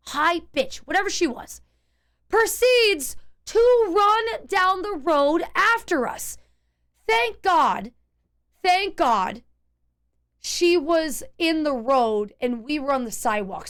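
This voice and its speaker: A woman streamer telling her chat a tense story in a casual, animated way, full of restarts and fillers. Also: high voice.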